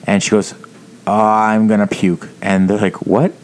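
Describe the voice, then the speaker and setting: A man's voice: lowish voice, unhurried. A man in casual conversation, telling funny stories and quoting people as he goes. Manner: laid-back storyteller, quotes people in lively bursts. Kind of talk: casual chat. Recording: background noise.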